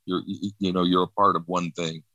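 A middle-aged man with a low, deep voice that still carries a bright, forward edge. He speaks haltingly and reflectively, often restarting his phrases. The recording is dry and close. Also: level tone, dry recording, dull audio. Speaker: guest sharing personal loss. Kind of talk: emotional personal account.

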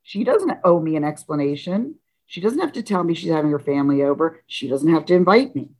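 A woman telling a personal story in a casual, halting way, with restarts, acting out what people said with big jumps in pitch. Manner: animated, acts out dialogue with pitch leaps; halting, frequent restarts and self-corrections.

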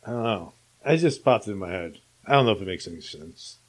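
A man's voice: deep voice, lively intonation, brisk. A man hosting a casual podcast conversation, musing aloud in a loose, somewhat unsure way.

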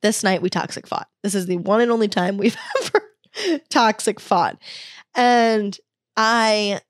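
A woman's voice: mid-range voice, sing-song, unhurried, no echo, studio quality. Candid, self-mocking young woman. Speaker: wellness vlogger. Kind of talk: confessional storytelling.

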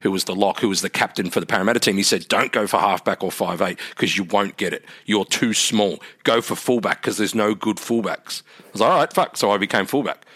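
A man's voice: on the low side, brisk, fairly bright tone, breathy edge. A man with an Australian accent in his thirties, chatting casually as a guest, laid-back and swearing freely. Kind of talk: casual interview chat.

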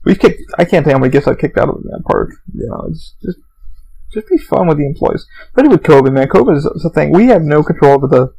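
A young man talks through a casual podcast monologue, drifting from story to story and swearing freely. His voice sits a bit high for a man. A gravelly fry runs through his delivery. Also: very animated, fast talker, warm tone, slight background noise, low-quality recording. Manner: profane, meandering storytelling. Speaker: podcast host.

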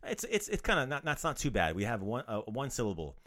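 A man hosting a podcast language lesson in a playful, casual way, joking around and repeating words slowly for learners. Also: medium pitch, huge pitch swings, fairly bright tone.

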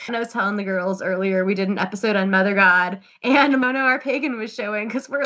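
A woman's voice: mid-range voice, quick pace, hardly any pauses, pushed and bright. A woman co-hosting a podcast, telling stories in casual chat. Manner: chatty storyteller, laughs while recounting. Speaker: podcast co-host.

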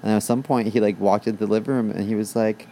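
A man's voice: lowish voice, fairly even intonation, fast, mellow. A man co-hosting a casual talk show, chatty and joking as he tells stories. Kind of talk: casual chat.

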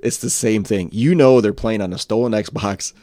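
A man in his forties telling stories in casual chat, often mimicking kids in squeaky voices. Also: normal speed, no room sound, studio quality. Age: 40s. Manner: animated storyteller who mimics kids in high squeaky voices.

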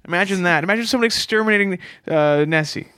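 A man's voice: high voice, fast talker, sharp tone, clear, resonant tone, no echo, clean studio sound. A man co-hosting a podcast, riffing playfully with a mock-serious tone in improvised comedy chat. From Canada. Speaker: podcast co-host.

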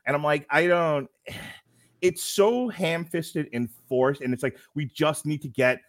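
A man's voice: a little high, unhurried. A middle-aged man co-hosting a podcast, chatting casually and animatedly about a film, laughing often and acting out lines. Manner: animated, laughing, acts out quotes. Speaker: podcast co-host. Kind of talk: casual film review chat.

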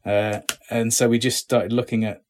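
A middle-aged British man, an actor, talking casually in an interview, relaxed and self-deprecating with many restarts. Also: on the low side, moderate pace, a little hiss or hum. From Britain.

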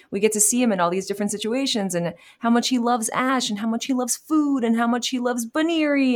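A woman in her thirties from New York City, a voice actor answering interview questions in a chatty way, laughing easily. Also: mid-range voice. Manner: warm, chatty, laughs easily, many fillers. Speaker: voice actor guest.

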